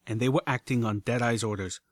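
A man reads a determined young female unicorn pony close to his own voice, quiet and insistent. Her lines sit at middle pitch in a dry, close storybook reading. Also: steady tone, brisk, no echo, natural voice.

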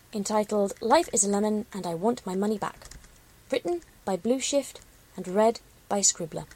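Husky woman reading a story aloud. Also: medium pitch, low-quality recording. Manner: expressive, dramatic reading. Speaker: story reader, show host. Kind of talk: storybook narration.

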